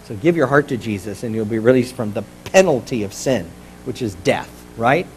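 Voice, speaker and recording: A man's voice: mid-range voice, lively intonation, normal speed, a little hiss or hum, rough recording. A middle-aged man preaching a sermon as pastor, in a conversational, jokey way.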